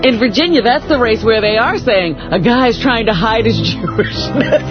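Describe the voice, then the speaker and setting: A man's voice: very high-pitched, expressive, moderate pace. A man co-hosting a radio show, chatting and laughing along about political ads. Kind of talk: radio talk banter. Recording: dull lo-fi radio broadcast with music.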